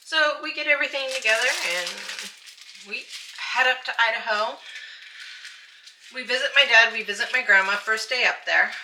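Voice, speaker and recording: Casual host, woman; animated storyteller heard from across an echoey, noisy room. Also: on the high side, normal speed, long pauses. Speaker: channel host. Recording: roomy, distant and noisy.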